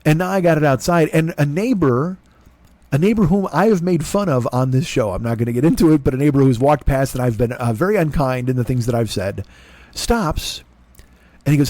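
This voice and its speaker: A man hosting a comedy podcast, telling a rambling, self-deprecating story full of swearing and quick voices for the people in it. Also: a little high, animated, a little mellow, dry recording. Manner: profane, self-deprecating, jumps into voices of others in his stories.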